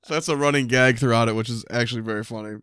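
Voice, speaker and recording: A man in casual podcast chat, walking through a TV episode and breaking into quick impressions of the characters. His voice sits in a middle range and comes across close and dry, with no room around it. He swears casually and laughs as he goes. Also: medium pitch, clean tone, no room sound. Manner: animated retelling with quoted voices and frequent swearing. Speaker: podcast co-host.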